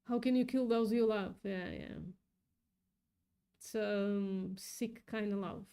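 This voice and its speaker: A woman's voice: mid-range voice, steady tone, slow, mellow, clear, resonant tone. A woman hosting a casual livestream, upset and thinking aloud, swearing often as she reads chat. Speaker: livestream host reading chat.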